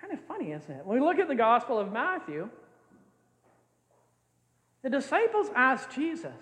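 High-voiced older man preaching in an echoing hall. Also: sing-song, moderate pace, long pauses, a bit bright. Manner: playful, acts out scenes with laughs. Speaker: pastor. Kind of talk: sermon. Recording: echoey hall with long reverb.

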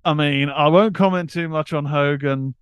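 Laid-back British podcast co-host. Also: male voice, fairly high pitch, normal speed, clear, resonant tone, no echo. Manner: laid-back, reads out history segments, laughs easily. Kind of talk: casual wrestling podcast chat.

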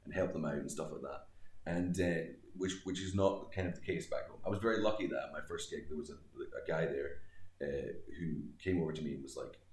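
A Scottish comedian with a very deep voice rattles off anecdotes at a rapid clip, full of fillers and restarts. He sounds relaxed and chatty, as a podcast guest. The room around him is echoey. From Scotland. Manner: animated, rambling anecdotes with many fillers. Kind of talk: casual podcast storytelling.

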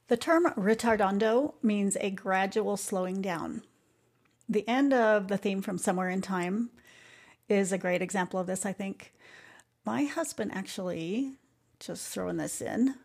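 A woman hosting a podcast, talking in an earnest, reflective way about music and life, with soft asides. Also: medium pitch, creaky. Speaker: podcast host.

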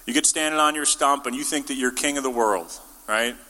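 A man delivers a conversational sermon, casual and playful, slipping into little acted-out voices for the people in his story. His tone is bright and forceful. A long reverb trails after him, as in a large church. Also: mid-range voice, a little fast. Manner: casual and jokey, acts out quotes. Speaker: preacher.

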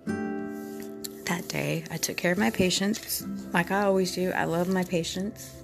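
A woman's voice: fairly low pitch, fairly even intonation, creaky, soft background music. Earnest woman telling a hard story. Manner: earnest, halting, repeats herself. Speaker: respiratory therapist. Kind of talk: personal storytelling.

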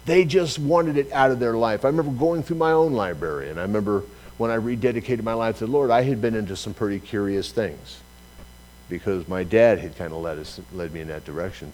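A man preaching a sermon, telling a personal story with lively acted-out dialogue. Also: on the low side, slight background noise, low-quality recording. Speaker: pastor.

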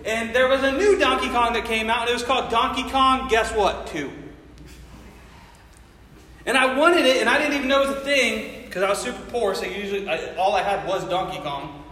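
A man's voice: very high voice, fairly quick, bright, forceful tone. A man in his thirties from the Cincinnati area tells a personal story to a live audience in a casual, chatty way, often checking in with the crowd. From Ohio, near Cincinnati. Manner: casual, chatty, keeps asking the audience "you know what I mean?". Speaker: speaker addressing an audience. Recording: echoey hall with faint noise.

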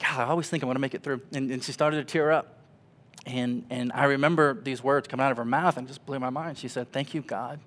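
A man in his twenties, a pastor, preaching a sermon as an emotional story, swinging from loud animated passages to hushed ones. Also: medium pitch, fast talker.

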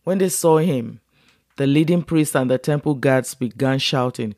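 A man reads scripture aloud, unhurried and steady. His voice sits at an everyday middle pitch. The recording is close and dry, with no room sound. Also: no echo. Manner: measured, unhurried reading. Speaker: Bible reader. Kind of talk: scripture reading.

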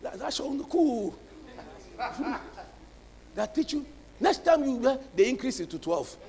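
A male pastor preaching a sermon, emphatic and dramatic, swinging from hushed tones to shouts. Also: extremely high pitch, sing-song, a little slow, long reverb tail.

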